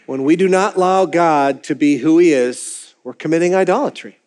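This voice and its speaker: A man's voice: a little high, moderate pace, a little mellow. A man preaching a sermon as pastor, talking candidly and conversationally, often restarting and repeating words as he goes. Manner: conversational and candid, acting out his own quoted thoughts.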